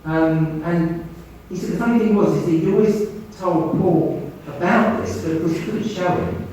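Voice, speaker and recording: A man tells his stories in a fairly high voice, repeating words as he goes. He sounds distant from the mic, and the big hall gives a strong, ringing echo. A faint hiss sits underneath. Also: normal speed. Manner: lively, repeats and restarts phrases, quotes people. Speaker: speaker at a talk on mediumship. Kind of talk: anecdotal storytelling talk. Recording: echoey hall from far off.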